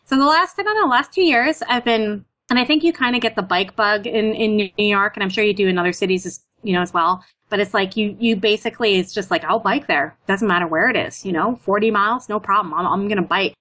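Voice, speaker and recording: Talking fast with few pauses, a Canadian woman with a medium-pitched voice chats casually as a guest. Her speech is full of "like" and "you know," and she animatedly acts out her own stories.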